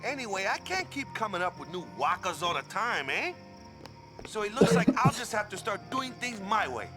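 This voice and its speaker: An actor playing an easygoing young island father in a game cutscene, speaking in a relaxed, slightly drawling way. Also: high-pitched, normal speed. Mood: reflective. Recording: game audio with music.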